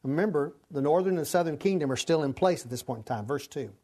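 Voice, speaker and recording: Chatty, slightly high-voiced male Bible teacher. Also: expressive, quick pace, warm tone. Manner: informal, rambling with frequent restarts and fillers. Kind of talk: conversational Bible study teaching.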